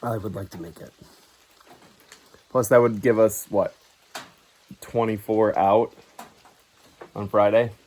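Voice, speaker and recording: A man's voice: lowish voice, fairly even intonation, slow pace, pauses often, a little mellow. A man chatting casually to the camera on a long hike, tired and wry, outdoors on a forest trail. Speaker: hiking vlogger.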